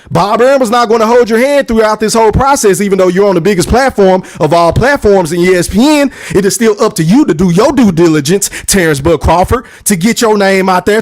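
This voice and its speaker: A man hosting a podcast, delivering a profane, emphatic boxing rant and repeating lines for effect. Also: high voice. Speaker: podcast host.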